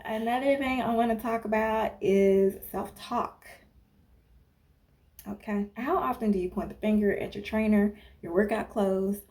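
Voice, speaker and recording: A woman's voice: mid-range voice, warm tone. A woman wellness coach and former personal trainer giving casual fitness advice in a chatty way, often checking in with "okay?" and wandering off on asides. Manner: chatty, tags points with "okay?", digresses and laughs at herself. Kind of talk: casual talking-head advice monologue.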